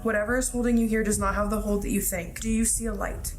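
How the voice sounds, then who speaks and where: A woman's voice: mid-range voice, fairly even intonation, quick pace, a little hiss or hum. A woman speaking firmly to a spirit during a ghost-hunting session. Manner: firm, commanding toward spirits. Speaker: medium in ghost hunt video.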